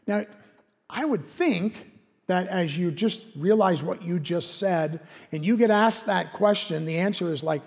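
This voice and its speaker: A man's voice: sits high, measured pace, darkish tone. Emphatic male preacher in a reverberant hall. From Canada. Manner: emphatic, voices the prophet's complaints with rising intensity. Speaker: pastor. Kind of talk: sermon.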